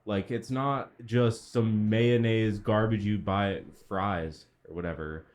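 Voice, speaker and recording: A man's voice: on the low side, steady tone, takes it slowly, a little mellow. A man in casual podcast chat, talking emphatically and swearing. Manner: emphatic, swears, laughs along.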